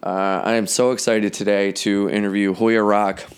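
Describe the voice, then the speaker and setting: A man's voice: lowish voice, flat delivery, normal speed, smooth. A man hosting a podcast, telling loose, profane stories from the road in a casual chat. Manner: loose and profane, breaks into sung lines and mock voices. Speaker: podcast host and comedian.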